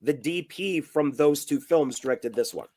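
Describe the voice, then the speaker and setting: A man's voice: on the high side, expressive, moderate pace, dark tone. A man co-hosting a casual film review chat, answering with brief, matter-of-fact facts. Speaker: co-host reviewing films.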